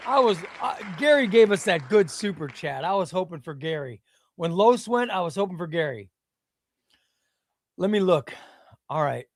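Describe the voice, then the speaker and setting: A man hosting a live stream, chatting casually and bursting into loud exclamations before dropping to quiet muttering. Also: high-pitched, moderate pace, long pauses, dry recording, a faint crowd. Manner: excitable, shouts names then drops to muttering.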